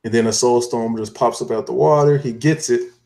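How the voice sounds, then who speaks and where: A man co-hosting a podcast recaps events step by step in casual, rambling chat, often restarting his sentences. His voice sits at medium pitch and is brisk, creaky, and mellow.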